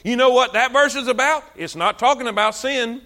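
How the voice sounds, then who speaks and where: A man preaching a sermon, animated, drawing out words for emphasis. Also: very high-pitched, brisk.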